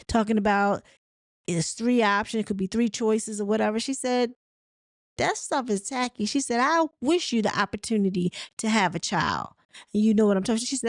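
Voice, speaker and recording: A woman's voice: on the high side, no room sound, studio quality. A woman hosting a casual recap show, retelling the dialogue in a chatty, storytelling way with candid, opinionated asides. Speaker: host of a reality TV recap show.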